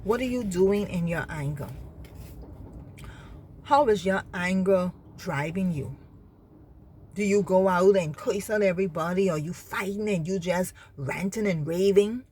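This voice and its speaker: Slight background noise accompanies a lowish, somewhat mellow female voice. She's from the Bahamas and offers a heartfelt, impassioned reflection on faith and anger, repeating herself and checking on listeners with "you understand?"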